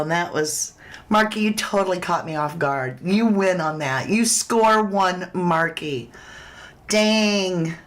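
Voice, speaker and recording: Unhurried and easygoing, this woman hosts a true crime livestream in a lowish voice. Treating her audience like friends, she reads out viewers' comments as they come in.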